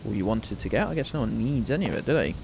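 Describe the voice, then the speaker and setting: British male streamer, sarcastic and sweary, very animated delivery, faint noise underneath. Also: lowish voice, rapid-fire, vocal fry. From Britain. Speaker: game streamer. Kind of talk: casual gameplay commentary.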